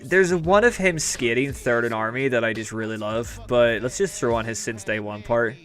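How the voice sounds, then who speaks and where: A man's voice: medium pitch, moderate pace, fairly bright tone. A young Irish man hosting a live stream, chatting casually and rambling as he answers viewers' comments. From Ireland. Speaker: livestream host.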